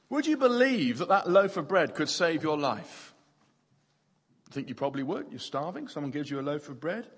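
A man's voice: high voice, a bit bright, husky. A man preaching a playful sermon to a family audience, using props and repeating words as he talks. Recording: long hall reverb.

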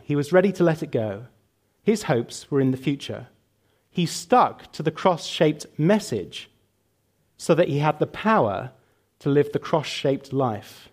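A man's voice: a little high, a little mellow. A man preaching a sermon and leading a prayer, emphatic and building through lists, later answering questions with some fillers.

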